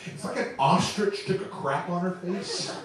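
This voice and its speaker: Onstage at a comedy club, a high-pitched man in his twenties delivers his set at a moderate pace, chuckling at his own material. A distant mic catches the echoing room and the crowd.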